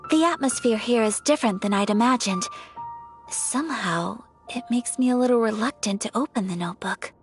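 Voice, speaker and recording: A young noblewoman with a gentle, composed manner, voiced by a woman, speaking softly and formally in a fairly high voice. Her speech is measured and polite. Faint game music plays behind her. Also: close to an everyday voice. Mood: pensive. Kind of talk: video game voice acting.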